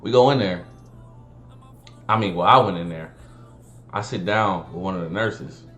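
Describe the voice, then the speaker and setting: Young man, low voice, casual storytime, animated, slangy and profane, echoey room. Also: normal speed. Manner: animated, slangy, swears, acts out dialogue. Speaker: vlogger. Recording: roomy room, faint music behind.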